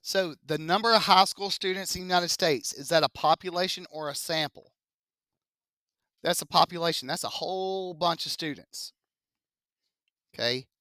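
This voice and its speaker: Bright-voiced teacher quizzing a class. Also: medium pitch, moderate pace, pauses often, dry recording, clean studio sound. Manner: chatty, joking asides, quizzing students. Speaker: math teacher. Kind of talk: classroom statistics lecture. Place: classroom with live students.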